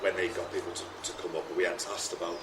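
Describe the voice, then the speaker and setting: A man as a roundtable guest, speaking in a measured, thoughtful way and often restarting phrases. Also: deep voice, monotone, heavy background noise. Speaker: podcast guest. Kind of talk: casual roundtable chat.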